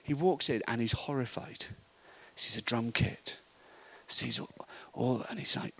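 A middle-aged man telling an animated story in a sermon, acting out the voices of the people in it. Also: mid-range voice, measured pace, gravelly, breathy edge, poor audio. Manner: animated storytelling, acts out voices, laughs often. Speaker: preacher. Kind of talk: sermon anecdote.

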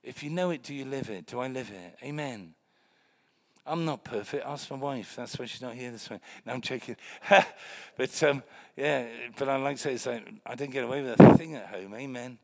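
An older man preaching a lively, joking sermon in a church meeting room, swinging between loud exclamations and hushed remarks. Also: mid-range voice, normal speed.

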